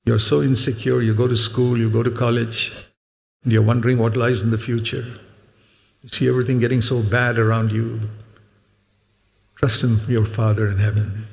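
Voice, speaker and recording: Older male preacher with a gravelly voice. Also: mid-range voice, level tone, moderate pace, pauses often, darkish tone. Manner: earnest, emphatic, repeats key words; speaks directly to children in the congregation. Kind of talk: sermon. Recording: long hall reverb.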